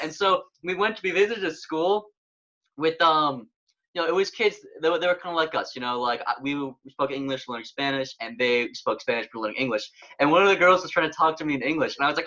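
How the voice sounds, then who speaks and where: A young man hosting a podcast, telling stories in an excitable, casual way and saying "dude" a lot. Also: a little high. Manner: excitable, fast storytelling with lots of "dude". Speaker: podcast host. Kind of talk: casual chat. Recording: dull lo-fi sound.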